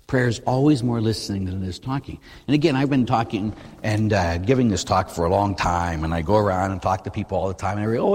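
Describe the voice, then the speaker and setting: A man, a priest, preaching a sermon in an animated, conversational way full of rhetorical questions. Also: on the low side, a little fast. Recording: long reverb in a large hall.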